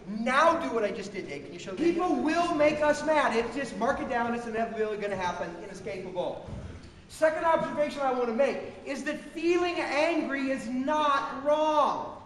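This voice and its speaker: A man preaching a humorous, self-mocking sermon as pastor on a church stage. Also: very high-pitched. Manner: self-mocking, animated storyteller. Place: large church hall. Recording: echoey church hall, long reverb.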